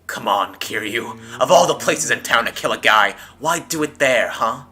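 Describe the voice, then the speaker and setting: A man reading aloud as a brash, crude male yakuza lieutenant in a video game, loud and blustery. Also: mid-range voice, expressive, moderate pace, slightly rough. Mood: needling. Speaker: let's play streamer.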